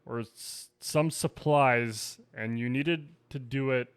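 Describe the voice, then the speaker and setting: Male podcast co-host, mid-pitched, smooth voice, easygoing and asks questions. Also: takes it slowly, dry recording. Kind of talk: casual chat.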